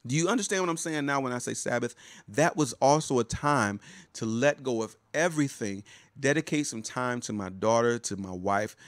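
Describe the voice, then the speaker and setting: A man's voice: medium pitch, no echo. Chatty man giving a dry, close coaching talk. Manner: warm, chatty, repeats words and restarts often; greets viewers by name mid-talk. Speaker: pastor and life coach. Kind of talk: casual live-stream coaching talk.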